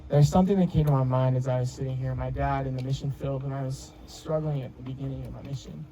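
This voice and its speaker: A medium-pitched, mellow male voice moves fast with fairly even intonation, captured in a rough recording with slight background noise. The speaker is a groom in his twenties giving a heartfelt wedding speech, telling stories that keep restarting and are padded with fillers.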